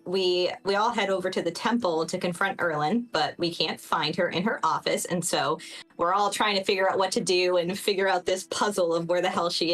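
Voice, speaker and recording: A woman's voice: fairly low pitch, fairly bright tone, low-quality recording. A woman giving a chatty, laughing recap of a tabletop game session, with many fillers.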